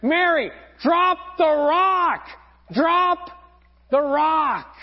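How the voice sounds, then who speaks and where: A man voicing a crowd of people on a boat, shouting encouragement in a high, raised voice. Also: lively intonation, extremely slow, exaggerated voice. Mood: urgent calling. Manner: shouting, urgent. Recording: dull lo-fi sound.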